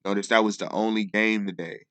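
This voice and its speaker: A man's voice: lowish voice, fairly even intonation, a little fast, fairly bright tone, dry recording. A man hosting a casual commentary vlog, talking in a rambling way and often asking "you know what I mean". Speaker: video host.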